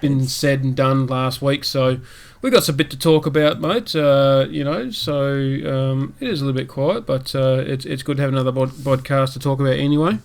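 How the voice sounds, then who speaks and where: A man's voice: medium pitch, moderate pace, creaky. Chatty man hosting a gaming podcast. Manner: chatty, rambling with restarts and fillers. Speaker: podcast host. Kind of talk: casual gaming podcast chat.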